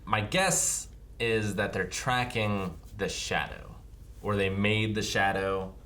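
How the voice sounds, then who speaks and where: Low-voiced young guy guessing at theories, crisp bright tone, bit of hiss. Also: slow. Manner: speculative, thinks out loud. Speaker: co-host of a reaction show. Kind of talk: casual discussion. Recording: faint background noise.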